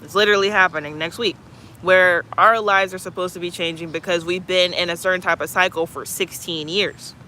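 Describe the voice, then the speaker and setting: A man's voice: high-pitched, steady tone, brisk, pushed and bright, slight background noise. A man hosting his own channel, talking in a loose, musing way with lots of "like" fillers. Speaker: channel host. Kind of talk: casual reflective chat.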